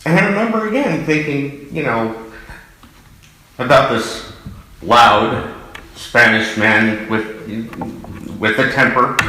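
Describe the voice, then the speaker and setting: A middle-aged man fondly remembering his late father, halting, with many fillers and restarts. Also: mid-range voice, expressive, sharp tone. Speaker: son giving a eulogy. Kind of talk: personal reminiscence. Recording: very echoey hall.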